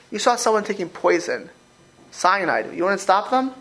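Animated male rabbi teaching a class. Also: high-pitched, normal speed, low-quality recording. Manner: animated, repeats words, acts out quoted speech. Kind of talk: informal religious class with audience questions.

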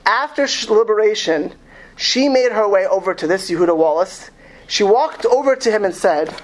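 Woman storyteller, dramatic delivery, restarts and stumbles, mid pitch. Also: animated. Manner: dramatic, stumbling restarts, pauses to ask words.

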